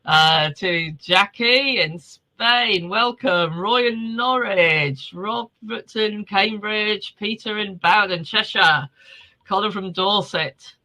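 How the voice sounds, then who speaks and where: The audio is poor as a male host speaks slowly in a high, sharp-toned voice on a video call from home. Casually chatting before a virtual event, he welcomes the live webinar audience and greets viewers by name.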